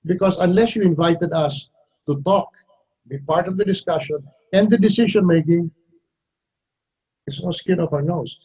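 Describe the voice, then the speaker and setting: Interview guest: older man from the Philippines, husky and mellow, blunt and wry, slips into other people's voices. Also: sits high, moderate pace, pauses often, highs cut off. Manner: blunt, wry, acts out others' lines with shifts in voice. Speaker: foreign minister, guest. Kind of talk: candid interview answers.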